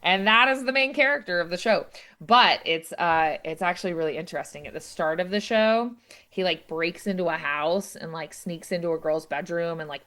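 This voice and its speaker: Chatty woman voice teacher, low voice. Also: moderate pace, sharp tone. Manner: chatty, many fillers, acts out quotes with a raised voice. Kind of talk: explaining an opera scene to a student.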